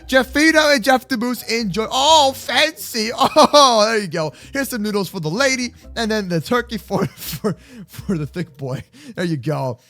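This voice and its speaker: Excitable high-voiced young man. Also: moderate pace. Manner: excitable, jokey, lots of restarts. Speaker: roleplay host. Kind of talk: playing a Minecraft roleplay.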